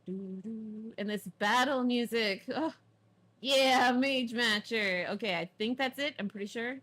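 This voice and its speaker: A woman's voice: on the high side, measured pace, fairly bright tone. A woman chatting playfully and giggling while she plays a video game on stream, humming along and cheering her characters on. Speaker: let's play streamer. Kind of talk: casual gameplay commentary.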